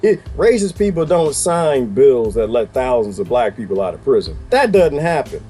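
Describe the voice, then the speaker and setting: A man giving casual reaction commentary to a clip, emphatic and animated, throwing out rhetorical questions and laughing as he talks. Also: medium pitch, moderate pace, slightly rough, faint music behind. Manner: colloquial, laughs while talking.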